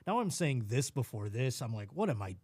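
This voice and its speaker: A man's voice: mid-range voice, very animated, a little fast, a little mellow, dry recording, clean studio sound. A comedian from Buffalo, New York, telling a story as a podcast guest, acting out scenes in quoted voices and laughing as he goes.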